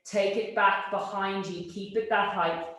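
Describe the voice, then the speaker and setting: A woman's voice: mid-range voice, fairly even intonation, a bit bright. Echoey woman cueing a Pilates class. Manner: brisk, encouraging cues with frequent checking "yes?". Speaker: Pilates instructor. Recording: very echoey room.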